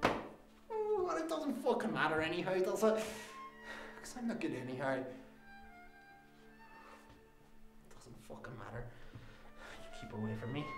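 A man acting out a bitter, volatile son unloading years of resentment on his father in a film drama. His voice sits high and swings widely between low mutters and sharp peaks. A roomy echo hangs around him, with faint music underneath. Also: big pitch swings, moderate pace. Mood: raging. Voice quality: profane, raw and volatile. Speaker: actor in a dramatic monologue.

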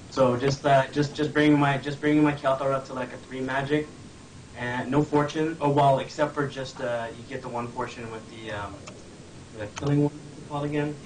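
A rambling man who wanders through his thoughts with many uhs and ums. He sounds distant from the microphone, over clear background noise. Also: medium pitch. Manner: rambling, full of uh and um. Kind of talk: casual chat.

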